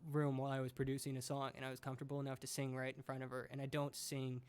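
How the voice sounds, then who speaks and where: A man's voice: mid-range voice, monotone, racing, clean tone. A young man hosting a casual podcast chat, rambling and jokey, with lots of fillers and restarts. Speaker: podcast host.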